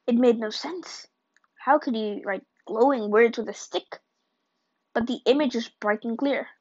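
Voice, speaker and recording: Higher-voiced woman reading a book chapter, plain delivery with slips, dull lo-fi recording. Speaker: reader of a novel.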